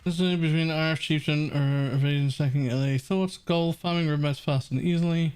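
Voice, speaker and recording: A man's voice: fairly high pitch, fairly even intonation, fairly quick, darkish tone, clean tone. A young adult man, a streamer, giving blunt, casual gameplay commentary and swearing freely.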